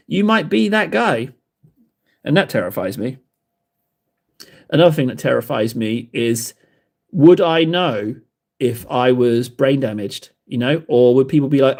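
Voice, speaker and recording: A livestream host paints miniatures while chatting casually with his live chat, rambling, mocking himself, and laughing often. His voice is a little high and very animated, and he speaks unhurriedly with frequent pauses.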